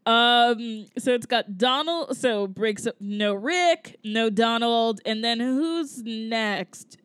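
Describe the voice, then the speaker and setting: Giggly woman with a very high, dry voice. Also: takes it slowly, a bit bright, clear, resonant tone, no room sound. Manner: giggly, enthusiastic, often laughing. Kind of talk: casual movie chat.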